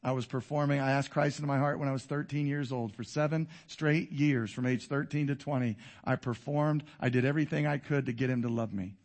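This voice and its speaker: A man in his fifties preaching a sermon to a congregation, swinging between loud exhortation and quiet intensity. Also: mid-range voice, steady tone, a little fast, few pauses. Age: 50s. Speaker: pastor. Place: church before a congregation.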